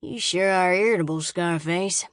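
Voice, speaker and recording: A woman's voice: lowish voice, moderate pace, dry recording, studio quality, natural voice. A woman voicing a crude, smug male soldier guard who talks in a lazy, mocking drawl. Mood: taunting.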